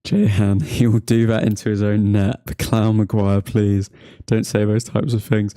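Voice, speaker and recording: Young english guy on a watchalong stream, low mellow voice, laughs a lot, dry close mic. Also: level tone, moderate pace, no echo. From England. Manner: joking, laughs often, chats to chat viewers. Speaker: watchalong livestream host. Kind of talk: casual live chat to viewers.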